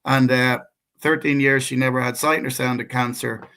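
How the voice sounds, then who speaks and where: A man's voice: medium pitch, monotone, normal speed, sharp tone. Irish man telling a rambling story. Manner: rambling, many restarts and fillers. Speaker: co-host. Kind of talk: casual conversation, telling a personal story.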